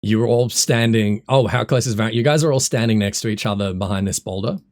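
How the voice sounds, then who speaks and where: A man running a tabletop game as dungeon master, talking in a relaxed, hesitant way with many fillers. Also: fairly low pitch, fast.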